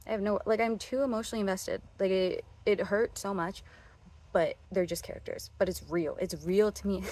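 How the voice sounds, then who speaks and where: A woman's voice: medium pitch, brisk, darkish tone. A woman in her twenties talking casually in a reading vlog, gushing and dramatic, sometimes dropping to a whisper. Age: 20s. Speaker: reading vlogger.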